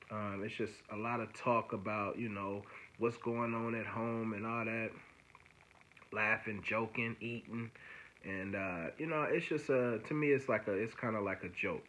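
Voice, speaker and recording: A man telling a story in a casual vlog. He rambles with lots of fillers and retells events in an animated, exasperated way. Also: medium pitch. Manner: rambling, heavy fillers, frequent "you know what I'm saying". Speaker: vlogger.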